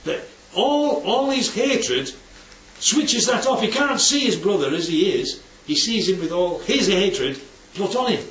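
A man with a high, expressive voice and a fairly bright tone gives an unhurried, informal Bible teaching to a group. He often asks questions and checks they're following along, in a distant, dull, roomy recording with faint noise.

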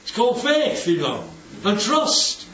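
Man, Bible study leader, animated, keeps checking for agreement; distant, echoey, muffled recording. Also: high voice, unhurried. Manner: animated, asks for agreement often. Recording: roomy, distant, dull recording with faint background ambience.

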